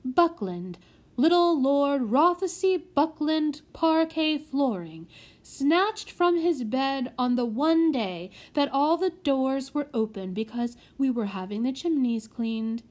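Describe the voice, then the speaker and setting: Old male butler, wordy and sentimental, read by a woman, voice pitched up and loud. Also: lively intonation, takes it slowly. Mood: fond. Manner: old-fashioned phrasing, teary.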